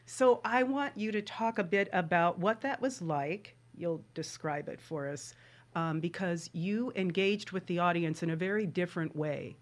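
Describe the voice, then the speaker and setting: Female interview host, lowish pitch, casual and hesitant. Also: moderate pace. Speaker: podcast host.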